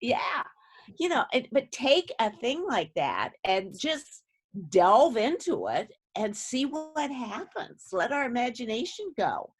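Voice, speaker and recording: A woman's voice: a little high, very animated, takes it slowly, breathy edge. A woman hosting a casual interview, encouraging and prompting her guest with questions. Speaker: interview host.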